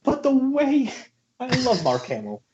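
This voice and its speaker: Animated ranting man on a podcast. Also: very high voice, a little slow, a loud crowd. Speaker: podcast co-host. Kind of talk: casual profane movie chat. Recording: dull lo-fi podcast audio.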